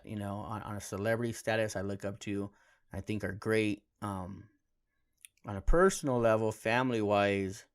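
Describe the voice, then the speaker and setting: A man with a somewhat low voice hosts a podcast solo, telling stories in an easygoing, heartfelt way. His talk is loose and full of casual slang, and he turns quieter and softer when a subject touches him. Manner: laid-back, heartfelt, slangy with frequent "man" and "dude". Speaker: podcast host.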